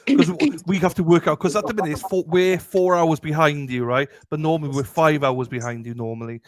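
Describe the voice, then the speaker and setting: A man's voice: fairly high pitch, brisk, no room sound. Jokey man co-hosting a live chat. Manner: jokey, friendly, bantering. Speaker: live-stream co-host. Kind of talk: casual live-stream chat.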